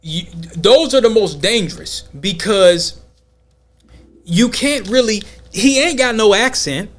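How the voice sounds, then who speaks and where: A man hosting a podcast, talking in an emphatic, slangy, animated way during a casual debate. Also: high-pitched. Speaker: podcast host.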